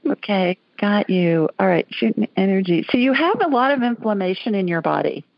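A chatty woman hosts a call-in show, talking to callers in a folksy, easygoing way. Her voice has some gravel in it. The sound is dry and a little dull, like lo-fi radio audio. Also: medium pitch, very animated, moderate pace, no echo. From Alabama. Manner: chatty, folksy, laughs often. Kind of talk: casual call-in radio chat.

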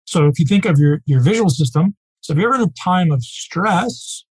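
A man teaching a live group as a coach, speaking casually and emphatically, often checking in with a quick "right?". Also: fairly high pitch, animated, breathy edge, rough recording.

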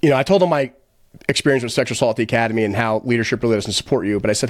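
Talking very fast in a medium-pitched voice, a man from the US tells his story as a guest on a podcast, casual in tone. He's blunt, swears and quotes the people involved to retell what happened, on a dry, studio-quality recording.

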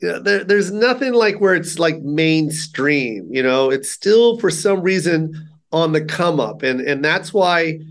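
Animated middle-aged comedian telling stories. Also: male voice, on the high side, a little slow. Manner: animated, acts out quotes in character voices. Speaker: stand-up comedian, guest. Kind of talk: casual interview storytelling.

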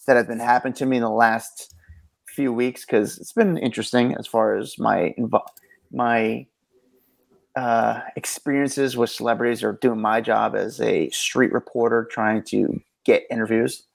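A man co-hosting a celebrity news podcast in a rambling, animated casual chat, often correcting himself. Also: medium pitch, moderate pace, gravelly. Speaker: co-host and street reporter.

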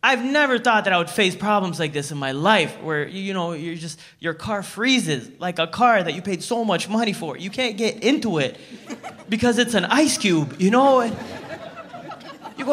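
A Canadian man doing a stand-up comedy routine in front of a live audience, telling stories in an animated way and acting out the dialogue. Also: sits high, normal speed.

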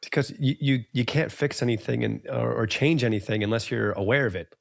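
A man's voice: mid-range voice, fairly quick, creaky, no room sound. A man hosting a podcast, talking in an earnest, emphatic way and circling back over his points. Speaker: podcast host. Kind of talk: casual podcast conversation.

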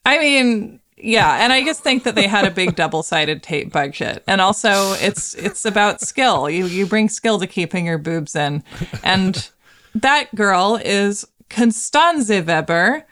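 A woman co-hosting a casual film discussion, chatty and quick to laugh, slipping into mocking voices. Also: medium pitch, a bit bright. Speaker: podcast co-host.

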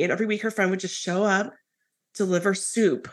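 A woman hosting a podcast, telling a story in a lively, casual way with many fillers. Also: mid-range voice, fast talker. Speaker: podcast host. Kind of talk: casual conversational interview.

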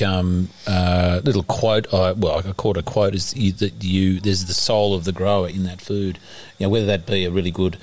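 Man, interviewer, very deep voice, friendly, rambling questions, conversational.

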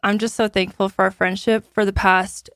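A woman's voice: mid-range voice, little pitch movement, normal speed, fairly bright tone, dry recording. Woman, late 20s, co-host; heartfelt, laughing toast; dry, close recording. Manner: gushing, sentimental, laughs through tears. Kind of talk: casual chat, birthday toast.

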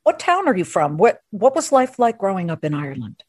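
A woman hosting a podcast interview, chatty and playful with quick asides. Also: mid-range voice, big pitch swings, breathy edge, no room sound, studio quality. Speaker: podcast host. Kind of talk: casual interview chat.

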